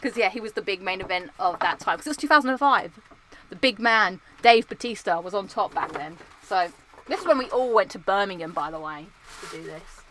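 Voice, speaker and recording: A young woman from Britain chatting casually and excitably, looking through old belongings and coughing now and then from dust. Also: mid-range voice, brisk, a little hiss or hum, low-quality recording. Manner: chatty, excitable, sings entrance themes. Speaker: vlogger. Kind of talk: casual chat.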